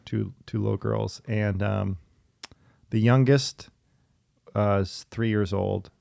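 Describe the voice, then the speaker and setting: A man in casual conversation, telling stories in a chatty, lively way with laughing asides. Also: lowish voice, takes it slowly, gravelly, no room sound, clean studio sound. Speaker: podcast guest in therapy talk. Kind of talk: casual storytelling.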